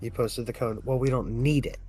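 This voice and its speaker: A hoarse man co-hosting a game stream, talking low and quiet so he does not cough. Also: steady tone, brisk, a crowd in the background. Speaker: co-host watching the stream. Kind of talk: casual live-stream chat.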